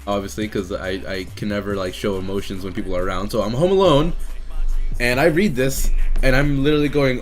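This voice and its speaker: A young man telling a long personal story to his viewers, rambling, excitable and swearing a lot. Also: medium pitch, fairly quick, soft background music. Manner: excitable, rambling and heavily profane. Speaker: streamer and YouTuber. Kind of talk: casual storytelling to camera.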